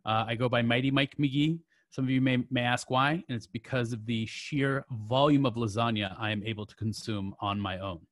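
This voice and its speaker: A man's voice: mid-range voice, normal speed, hardly any pauses, fairly bright tone, dry recording. A man hosting a poetry open mic over a video call, chatty and joking, with many fillers and restarts.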